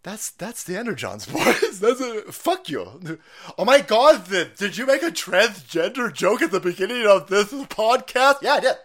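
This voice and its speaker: Man, streamer host, profane rant, sudden shouts, mocking voices, high-ish, very animated pitch. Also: moderate pace. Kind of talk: profane political rant commentary.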